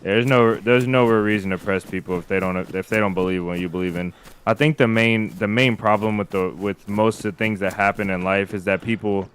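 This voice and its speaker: A man's voice: lowish voice, fairly quick, a little hiss or hum. A man streaming a survival game, chatting casually and rambling with his viewers. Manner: relaxed, rambling, chats with viewers. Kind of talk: casual live-stream commentary.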